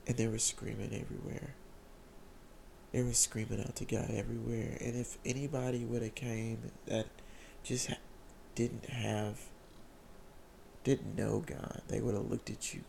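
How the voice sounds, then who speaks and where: A young man telling an emotional, excited personal testimony, repeating phrases as he speaks. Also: lowish voice, measured pace, vocal fry, long pauses, slight background noise.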